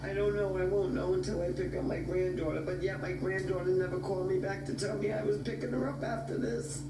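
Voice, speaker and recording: A woman's voice: mid-range voice, steady tone, fast. Pleading older woman on an echoey, noisy stream. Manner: whiny, pleading, complaining. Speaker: livestreamer asking for money. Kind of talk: pleading livestream chat. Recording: echoey, noisy, far from the mic.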